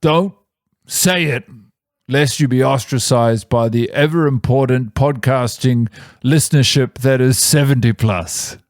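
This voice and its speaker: A man voicing a loud, self-assured male inspector carrying a clipboard, as a comedic character bit on a podcast. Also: medium pitch, measured pace, no room sound, clean studio sound, close to an everyday voice. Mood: pompous.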